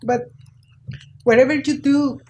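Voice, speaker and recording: A woman speaks slowly and deliberately in halting English, her voice sitting a little high. She pleads and apologizes in turn during a public comment at a school board meeting, with a faint hum of room noise behind her. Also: fairly even intonation, warm tone, poor audio. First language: Spanish.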